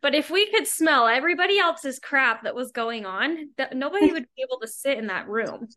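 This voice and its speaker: A woman's voice: sits high, animated, a little fast, bright, forceful tone. A woman hosting a casual podcast conversation, a mother who talks chattily with lots of fillers and frequent laughs. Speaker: podcast host; mother of a young child.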